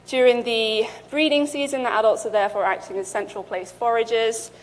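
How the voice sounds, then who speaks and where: A woman's voice: on the high side, brisk. Young woman giving a conference talk in a reverberant hall. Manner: clear, steady presenting with some fillers. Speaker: PhD student presenting research. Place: lecture hall. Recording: lecture hall with long reverb.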